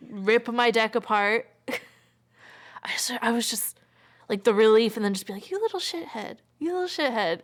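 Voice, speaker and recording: Chatty young woman telling a story. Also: a little high. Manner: chatty, frequent filler "like", drops to near whisper. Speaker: interviewee. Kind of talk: personal storytelling.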